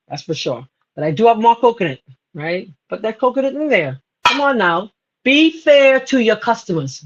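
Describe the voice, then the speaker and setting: A woman's voice: mid-range voice, muffled recording. A Bahamian woman hosting a casual live cooking demo in her home kitchen, chatty and laughing often as she greets viewers. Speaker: cooking show host.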